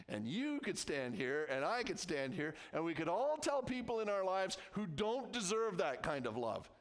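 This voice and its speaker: A man's voice: high-pitched, very animated, moderate pace. A man with a Canadian accent preaching a sermon to his church, conversational and emphatic, repeating phrases and restarting himself. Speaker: pastor.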